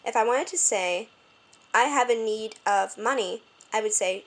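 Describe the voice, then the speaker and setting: Woman tutoring French, patient and slow. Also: a little high, a bit bright, low-quality recording. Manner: explains step by step, slows down to spell out French phrases; corrects herself often. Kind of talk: homemade tutoring lesson.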